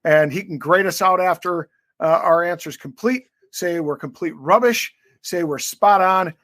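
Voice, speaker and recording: A man's voice: high voice, measured pace, a bit bright, no room sound, studio quality. A man co-hosting a sports podcast interview, joking and rambling with plenty of fillers. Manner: jokey, rambling, filler-heavy. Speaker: co-host.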